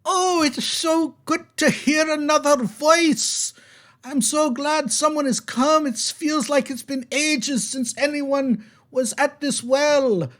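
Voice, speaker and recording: A game master voicing a seventeen-year-old young man trapped in a well, high and pleading, in a tabletop game. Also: fairly even intonation, slow, fairly bright tone, full character voice. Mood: pitiful.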